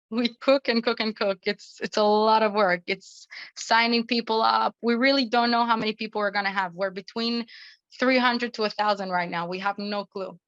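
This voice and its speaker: Bright, fast-talking earnest woman. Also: fairly high pitch, steady tone, no echo, highs cut off. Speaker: rebbetzin and community speaker. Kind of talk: personal storytelling talk.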